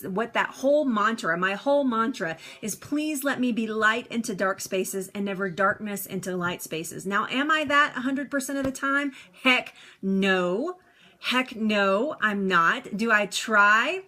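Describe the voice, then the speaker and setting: A woman's voice: medium pitch, pushed and bright. A woman coaching viewers on a live stream, upbeat and chatty, laughing often as she reads comments aloud.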